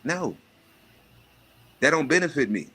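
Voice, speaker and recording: Brief: adult man, livestream host, blunt and animated, punchy bright tone. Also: fairly high pitch, a little slow, husky. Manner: profane, animated rant with mocking put-on voices. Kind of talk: casual monologue.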